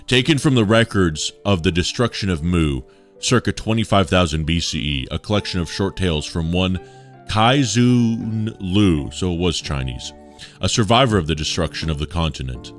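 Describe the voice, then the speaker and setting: A man's voice: low-pitched, lively intonation, normal speed, faint music behind. A man reading articles aloud on a livestream, chatty, with asides to his chat.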